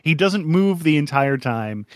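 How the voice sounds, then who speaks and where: A man's voice: a little high, animated, a little slow, no room sound, studio quality. A man co-hosting a casual podcast, rambling with lots of fillers and frequent laughter. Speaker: podcast co-host.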